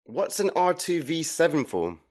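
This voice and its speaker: A man playing a clueless, grumpy soldier in an audio comedy, blunt and gruff. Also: fairly high pitch, very animated, normal speed, a little mellow. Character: dim, grumpy male soldier bunkmate.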